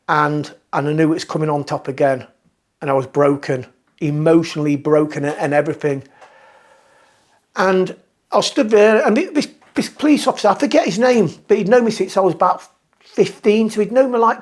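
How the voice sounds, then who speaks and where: A man's voice: sits high, a little mellow. Candid British man recalling hard years. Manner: candid, reflective, halting with restarts. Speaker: guest telling his recovery story. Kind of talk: personal testimony.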